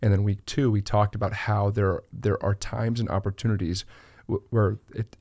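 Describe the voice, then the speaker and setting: A man's voice: on the low side, flat delivery, moderate pace, darkish tone, dry recording. A man co-hosting a church podcast, talking earnestly with many fillers and restarts. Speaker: pastor, podcast co-host. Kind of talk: conversational church podcast discussion.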